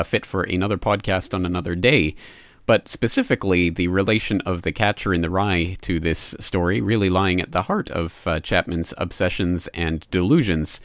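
A man hosting a podcast, speaking in a measured way with frequent hesitations. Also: sits low, no echo. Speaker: podcast host. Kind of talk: podcast monologue about a book.

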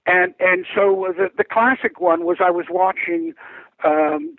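An older man speaking as a guest over the phone, explaining things deliberately and often repeating words as he restarts. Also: high-pitched, no room sound. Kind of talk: phone interview, recounting and explaining. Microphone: telephone. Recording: tinny phone line.

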